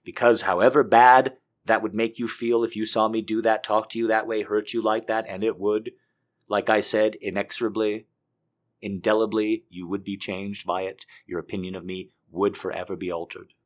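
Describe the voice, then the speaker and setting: A man giving an intense confessional monologue, swinging between hushed and loud. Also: on the low side, little pitch movement, moderate pace.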